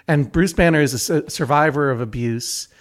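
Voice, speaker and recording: A middle-aged man tells stories in a wry, rambling style, often restarting his sentences. His voice sits a little high for a man. He is a guest judge on a comedic podcast. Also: normal speed.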